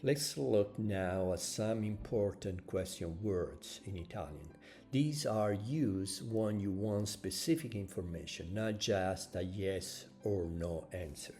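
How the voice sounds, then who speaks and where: A man's voice: on the low side, takes it slowly, darkish tone, faint music behind. A man teaching a recorded language lesson, carefully saying example phrases and lifting his voice on questions. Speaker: Italian teacher.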